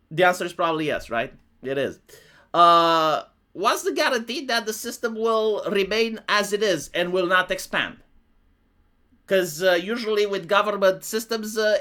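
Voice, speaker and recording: A man's voice: high-pitched, sharp tone. A man from Romania, a live streamer who delivers political commentary as a monologue, full of sarcastic rhetorical questions he answers himself.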